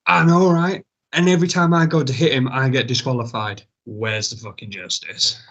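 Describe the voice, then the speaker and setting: A man's voice: medium pitch, moderate pace, fairly bright tone, muffled recording. A man, a wrestler as a guest, casually telling a rambling, self-mocking story and swearing freely.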